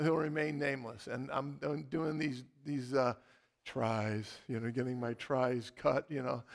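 A man's voice: fairly high pitch, creaky. A man preaching a sermon, telling anecdotes with emphatic repetition and frequent restarts.

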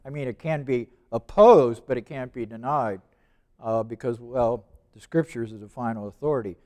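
A man in his seventies preaching a sermon, stressing and repeating key words and slowing down when he reads verses aloud. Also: medium pitch, darkish tone. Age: 70s. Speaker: preacher teaching evangelism.

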